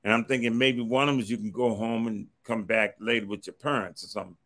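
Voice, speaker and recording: A middle-aged man from Washington, D.C., telling a personal story, animated and acting out what others said. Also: lowish voice, fast talker. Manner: animated, acts out others' quoted words, repeats a stock phrase to move on. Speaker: storyteller recounting his past.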